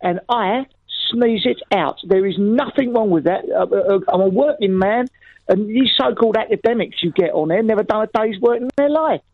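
A man's voice: high-pitched, moderate pace, dry recording. A man doing a proud, grumbling cleaner, blunt and indignant, tripping over his words. He comes through a muffled phone line that sounds dull and lo-fi, with a dry, close sound. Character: proud grumbling London working-class male cleaner. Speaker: caller. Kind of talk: comic radio phone-in sketch.

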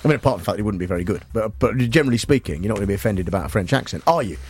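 A man's voice: lowish voice, expressive, very fast, darkish tone, breathy edge. A man hosting talk radio, teasing his co-host and firing off rhetorical questions.

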